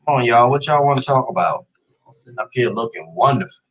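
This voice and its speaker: A man's voice: medium pitch, fast talker, a bit bright, poor audio. A man hosting a casual livestream, chatting loosely with viewers and calling them "y'all". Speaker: host of a live stream show.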